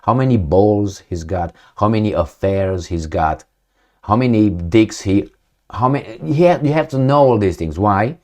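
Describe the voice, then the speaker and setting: A man's voice: lowish voice, expressive, moderate pace, darkish tone. A man hosting his own commentary show, talking in a sardonic, lecturing way with mocking asides and rhetorical questions. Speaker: political commentary host. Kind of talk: casual opinion monologue.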